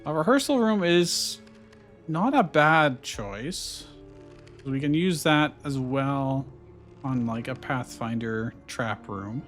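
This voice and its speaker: A man's voice: mid-range voice, lively intonation, slow pace, fairly bright tone, soft background music. Man thinking aloud over a game. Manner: thinking aloud, musing over choices with fillers. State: hiccuping. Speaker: gameplay streamer. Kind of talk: casual let's-play commentary.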